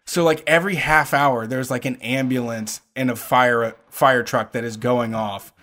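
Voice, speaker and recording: A man's voice: mid-range voice, moderate pace. A man telling a story in casual conversation, swearing freely and acting out the people he quotes. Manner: animated, profane storytelling with acted-out quotes. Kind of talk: casual chat.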